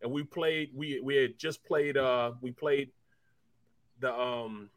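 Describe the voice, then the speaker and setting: A man's voice: medium pitch, fairly even intonation, takes it slowly, no room sound. A man who used to play football, co-hosting a sports talk show and telling long rambling stories with lots of repeats. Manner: rambling storyteller, repeats himself. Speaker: co-host, former football player.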